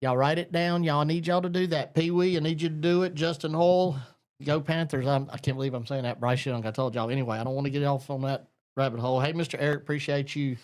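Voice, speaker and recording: A man's voice: fairly high pitch, steady tone, quick pace, darkish tone. A man hosting a live talk show, folksy and rambling as he greets listeners. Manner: folksy, rambling, Southern "y'all". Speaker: host.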